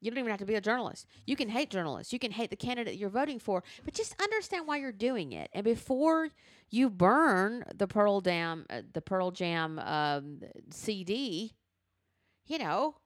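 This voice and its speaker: A woman's voice: mid-range voice, moderate pace, dry recording, clean studio sound. A woman co-hosting a podcast, ranting with profanity in casual chat. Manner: animated, profane ranting storyteller. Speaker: podcast co-host.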